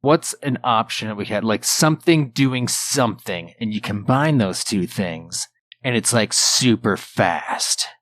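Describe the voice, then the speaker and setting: A man co-hosting a podcast in casual chat, ranting in an animated way and laughing often. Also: lowish voice, normal speed. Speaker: podcast co-host.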